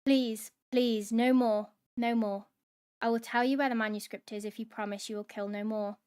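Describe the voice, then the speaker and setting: A woman's voice: on the high side, steady tone, moderate pace, darkish tone, clear, resonant tone, lightly acted. A woman voicing an elderly male Jesuit monk in a read-aloud novel, begging the killers to stop. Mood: pleading. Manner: pleading, then defiant.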